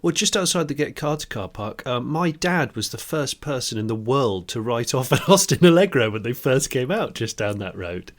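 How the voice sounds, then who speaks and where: A man's voice: mid-range voice, animated, moderate pace, hardly any pauses. British guy, medium voice, cohost on a chatty podcast, dry storyteller. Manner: dry, tells anecdotes with quoted asides. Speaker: podcast co-host. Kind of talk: casual chat.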